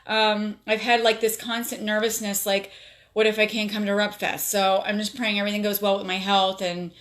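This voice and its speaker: A woman's voice: medium pitch, flat delivery, moderate pace, a bit bright. Chatty woman from South Florida. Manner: chatty, emotional storytelling with many fillers. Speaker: livestream host. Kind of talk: casual live stream chat. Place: home. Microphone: phone.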